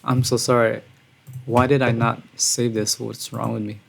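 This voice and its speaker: A man streaming a music reaction, talking casually and excitedly, breathless and calling his viewers "bro". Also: mid-range voice, moderate pace, gravelly. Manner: excitable, says "bro" often, gushing. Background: song playing quietly.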